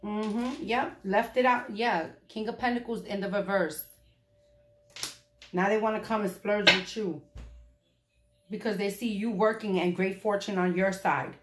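A woman doing a casual tarot reading for her viewers, blunt, profane and animated. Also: mid-range voice, unhurried, background noise. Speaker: tarot reader. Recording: echoey room.

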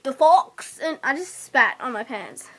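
A woman's voice: high-pitched, very animated, measured pace, sharp tone, breathy edge. A young woman vlogger chatting playfully in a game of guessing accents, giggly and teasing.

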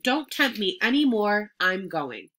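A woman reading aloud and voicing a grumpy, greedy male rat in a children's story, with a gruff, sulky manner. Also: mid-range voice, big pitch swings, unhurried, fairly bright tone. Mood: giving in.

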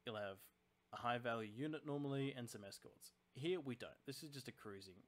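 Brief: a man of average pitch talking through his game casually, analyzing tactics aloud. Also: brisk. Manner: chatty, analytical, thinking aloud about tactics. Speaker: channel host playing a naval strategy game. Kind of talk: casual let's-play commentary.

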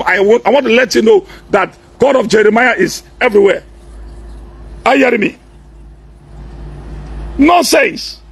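High, gravelly preacher shouting. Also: male voice. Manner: forceful, repeatedly shouting and demanding "are you hearing me". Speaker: pastor. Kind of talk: impassioned warning address.

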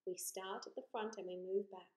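A woman teaching a phonics lesson to young children, drawing out vowel sounds slowly and praising often. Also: mid-range voice, fairly even intonation, darkish tone. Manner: slow, encouraging, exaggerated vowel sounds. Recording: echoey room.

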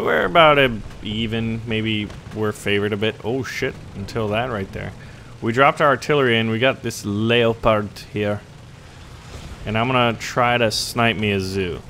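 A man giving casual gameplay commentary on a tank game, excitable and quick to burst into loud cursing. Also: on the low side, a little hiss or hum.

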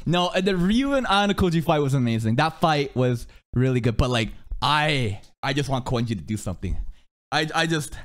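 A young man streaming an anime reaction, excitable and profane, cheering, shouting and laughing at the screen between calmer remarks. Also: medium pitch, normal speed. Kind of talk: live anime reaction commentary.

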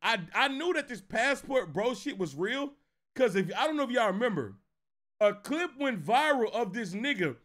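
Animated high-voiced streamer man. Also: moderate pace. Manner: animated, swings from low mutters to loud laughing outbursts. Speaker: streamer reacting to clips. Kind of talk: casual reaction stream chat.

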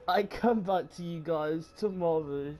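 A man's voice: fairly high pitch, unhurried, soft background music. A man, panicking and swearing through a horror game let's play while talking to his viewers. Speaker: gamer. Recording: loud game noise behind the voice.

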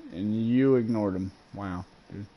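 A man's voice: unhurried, lo-fi sound, heavy background noise. A man streaming a game, chattering casually, swearing and sounding exasperated. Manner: profane and exasperated, swinging up and down in pitch.

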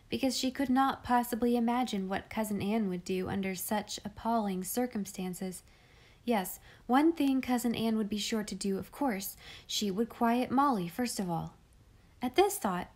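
A woman narrating a classic children's novel in a calm, measured, expressive reading voice. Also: mid-range voice. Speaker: audiobook reader. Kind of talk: storybook narration.

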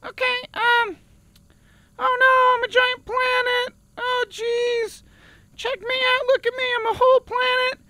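A man's voice: very high-pitched, monotone, measured pace, sharp tone, dry recording, full character voice. An actor playing an eager small male auditioner who reads in an earnest, pleading voice. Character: eager little guy auditioner named Little Tommy.

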